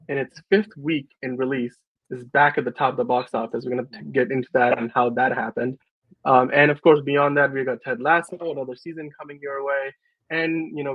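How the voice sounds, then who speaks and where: A man hosting a casual podcast, chatty and relaxed, with lots of fillers. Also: medium pitch, no room sound. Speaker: show host. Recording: dry, slightly muffled.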